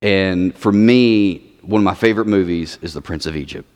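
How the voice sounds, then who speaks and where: Deep-voiced man preaching in a hall. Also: normal speed, a little mellow. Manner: explanatory, asks the audience questions. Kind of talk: sermon. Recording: long hall reverb.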